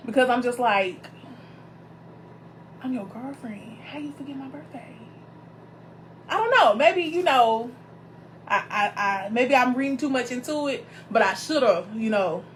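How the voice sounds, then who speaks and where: A woman minister hosts her show, telling a personal story in a casual, animated way, calling viewers y'all and greeting them by name as they join. Her voice is on the high side at normal speed, with a faint hiss or hum.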